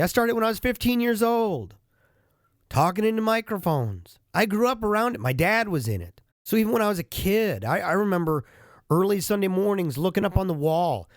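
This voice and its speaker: A man vlogging in a casual monologue into a studio microphone, chatty, animated and poking fun at himself. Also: fairly high pitch, no echo. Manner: chatty, self-mocking and animated. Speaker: vlogger and podcast host. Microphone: studio microphone with headphones.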